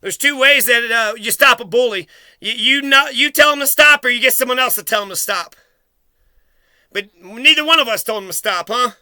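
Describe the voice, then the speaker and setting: A man's voice: very high-pitched, normal speed, pushed and bright, smooth, no room sound. A man angrily ranting at his mother, accusatory and full of swearing, repeating himself. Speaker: vlogger confronting his mother. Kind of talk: angry profane rant.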